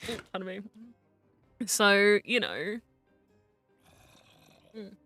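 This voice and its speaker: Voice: mid-range voice, very animated, drawn-out words, bright, forceful tone, faint music behind. A VTuber streamer in casual live-stream chat while gaming, rambling, teasing friends and muttering to themself.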